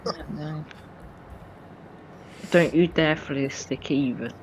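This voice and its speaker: A man co-playing on a live stream, teasing in casual chat with a gravelly voice. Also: on the high side, takes it slowly, slight background noise. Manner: teasing, mock-warning. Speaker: co-player on stream.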